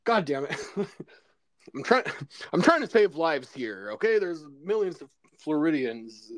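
Lively casual man, laughing and swearing. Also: fairly high pitch, unhurried, no echo. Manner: laughing, swearing, loose storytelling. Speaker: podcast co-host. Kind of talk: casual chat.

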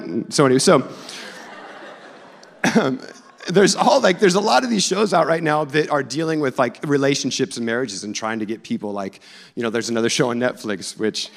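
40s guy pastor, jokey chatty sermon, mid pitch, big church hall echo. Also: expressive, moderate pace, gravelly, long pauses, slight background noise. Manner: joking, self-deprecating and chatty. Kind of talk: conversational sermon. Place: church sanctuary. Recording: long reverb of a church hall.

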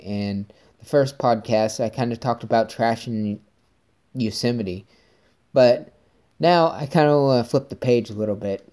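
A man's voice: lowish voice, warm tone. A man hosting his own podcast, telling a story in an upbeat, rambling way. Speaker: podcast host. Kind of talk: casual solo podcast monologue.

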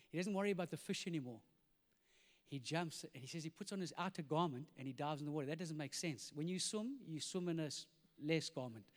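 A man preaches in a high, light voice, and his words ring out through a reverberant church hall. He tells the story with big swings from loud, animated moments to hushed, intimate ones. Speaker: pastor. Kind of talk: sermon.

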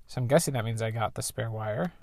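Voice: medium pitch, fast talker, vocal fry, a little mellow, no echo. A game streamer giving rambling, casual commentary while playing and reading the story aloud. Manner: chatty, rambling, self-correcting. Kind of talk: casual let's play commentary.

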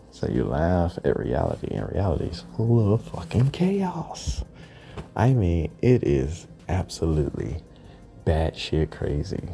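A man with an extremely deep, gravelly voice and a dark, mellow tone, rambling through a profane monologue. He often sinks into hushed, breathy asides. Faint music sits underneath. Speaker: podcast host.

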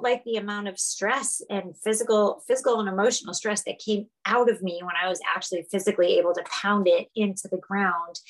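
A middle-aged woman, a guest on an interview podcast, telling her story in a casual, animated way over a video call and laughing often. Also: mid-range voice, low-quality recording. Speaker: podcast guest, fitness instructor.

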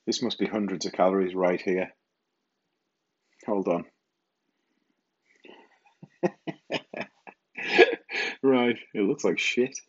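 A man's voice: sits low, normal speed, long pauses, breathy edge, dull audio. A middle-aged man hosting a rambling solo podcast from his kitchen, self-mocking and casually swearing. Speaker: podcast host. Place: home kitchen.

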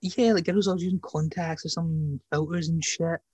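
A man's voice: fairly high pitch, steady tone, moderate pace, a little mellow, breathy edge, no echo. A young man hosting a podcast in casual chat, slangy and teasing, often breaking into laughter. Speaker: podcast host.

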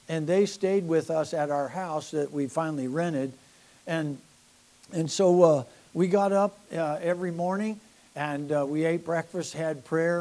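An older man, a pastor, telling church-planting stories in a folksy, animated sermon with laughs and asides. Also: fairly high pitch. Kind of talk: sermon storytelling.

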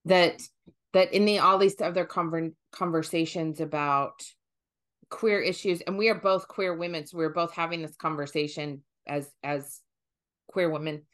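A woman hosting a conversational podcast, talking in an animated way and thinking aloud with fillers and restarts. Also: low-pitched, normal speed. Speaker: podcast host.

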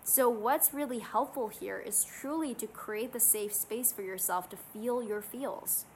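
A woman vlogger talking casually and earnestly to camera, guiding listeners through calming self-help steps. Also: on the high side, measured pace, slight background noise, rough recording. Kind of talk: casual motivational talk to camera.

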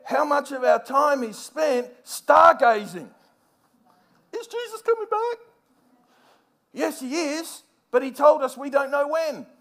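A man with a very high-pitched voice preaches a sermon. He speaks in an animated way, builds up to emphatic points, and acts out the scenes with a playful touch.

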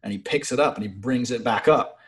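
A young man telling profane, animated stories from his naval service in casual chat. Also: mid-range voice, brisk.

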